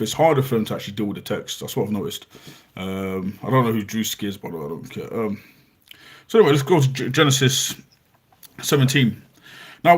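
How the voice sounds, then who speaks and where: Husky guy reading bible verses and arguing his point, keeps fixing his words. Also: mid-range voice. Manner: argumentative, reads scripture aloud with frequent self-corrections. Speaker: Christian apologist.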